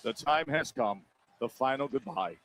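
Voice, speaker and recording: A man's voice: mid-range voice, expressive, fairly bright tone, a little hiss or hum. Solemn male TV announcer. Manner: solemn, slow and theatrical. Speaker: TV wrestling announcer. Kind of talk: dramatic broadcast narration.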